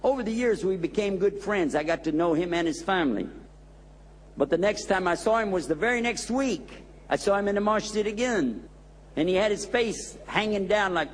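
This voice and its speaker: An imam preaches to his listeners in an emphatic, storytelling way. His male voice sits high for a man. The sound carries a long hall reverb. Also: expressive, normal speed, a little hiss or hum. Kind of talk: sermon with personal storytelling.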